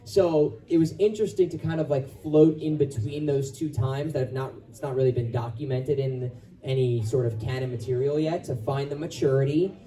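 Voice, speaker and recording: A voice actor on a convention panel who talks casually and rambles a bit. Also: male voice, mid-range voice, normal speed, mellow. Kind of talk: panel talk. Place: convention hall. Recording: from far off in a hall.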